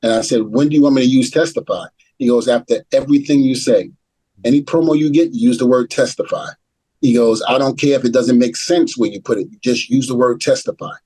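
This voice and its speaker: A husky middle-aged man tells a long story as an interview guest. He acts out each line of remembered dialogue. His voice sits in a mid register and is recorded dry and close, with no room sound. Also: medium pitch, brisk, dry recording, rough recording. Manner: animated storyteller acting out quoted dialogue. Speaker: retired pro wrestler, guest.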